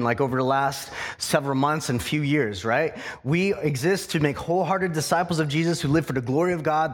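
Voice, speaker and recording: Pastor guy preaching, kinda high voice, earnest, lots of uhs and restarts. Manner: earnest, teaching tone with frequent fillers and restarts. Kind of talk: sermon.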